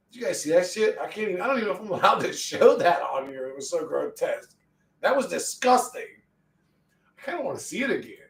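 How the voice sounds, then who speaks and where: A man's voice: sits high, echoey room, recorded from a distance, low-quality recording. A man chatting casually and profanely on a live stream, joking and getting easily worked up.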